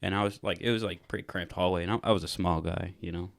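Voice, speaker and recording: A man's voice: deep voice, fairly even intonation, fast talker, gravelly, no room sound, clean studio sound. A young man co-hosting a podcast in casual chat, rambling and filling his sentences with "like". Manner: rambling, heavy use of "like" fillers. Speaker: podcast co-host.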